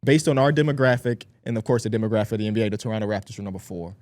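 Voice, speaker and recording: A man's voice: lowish voice, a little mellow, no room sound, studio quality. A man with a Chicago accent hosting a casual sports podcast, upbeat and promotional. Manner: upbeat, promotional, quick asides. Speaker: podcast host.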